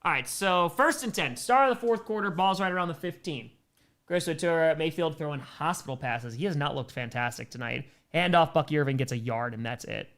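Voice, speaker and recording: Young male livestream commentator, bright and forceful tone, relaxed chat mixed with excited calls. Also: on the high side, a little fast. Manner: casual, answers viewer chat between plays, bursts of excitement on big plays. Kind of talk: live play-by-play and chat reactions.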